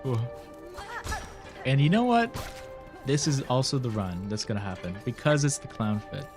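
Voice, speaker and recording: Nasal young male streamer, mid-pitched, loose rambling chat with frequent laughs, faint music underneath. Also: huge pitch swings, normal speed. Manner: rambling, laughs often, swears casually. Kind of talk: casual gaming stream chat.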